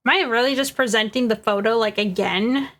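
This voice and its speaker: A woman's voice: a little high, fairly quick, a bit bright. A woman streamer giving casual, giggly, self-questioning commentary while playing a game.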